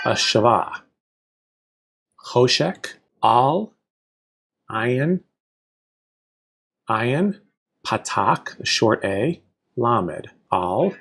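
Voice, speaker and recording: A man's voice: medium pitch, slightly rough. A man teaching a Hebrew reading lesson, patiently naming each letter and vowel one at a time.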